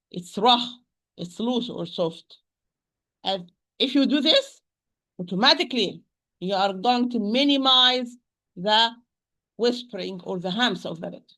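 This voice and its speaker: A woman with an Arabic accent teaching Quran pronunciation, repeating sounds slowly and patiently to demonstrate them. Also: a little high, pushed and bright. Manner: addresses listeners as "my dear sister". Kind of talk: pronunciation lesson.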